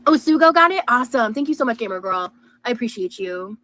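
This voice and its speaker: A woman's voice: on the high side, expressive, fast, bright, forceful tone, low-quality recording. A woman vlogger chatting casually and reading out viewer messages in an upbeat way. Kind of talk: casual vlog chat.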